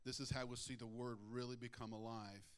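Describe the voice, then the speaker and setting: A middle-aged man preaching a sermon, moving between hushed, earnest prayer and emphatic exhortation. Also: medium pitch, flat delivery, brisk, clear, resonant tone.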